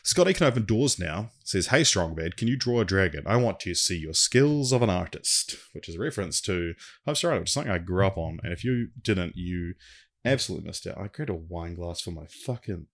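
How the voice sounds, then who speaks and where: A man's voice: low-pitched, expressive, fairly quick. A man hosting a podcast alone, chatting casually in a rambling, swearing manner. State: briefly out of breath. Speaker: podcast host. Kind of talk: casual solo podcast chat.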